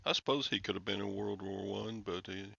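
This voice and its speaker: A man's voice: fairly low pitch, brisk, vocal fry, sharp tone, breathy edge, dry recording. An older man, hosting a rambling, casual livestream chat with viewers and often chuckling and sighing. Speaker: livestream host. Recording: dull lo-fi, dry sound.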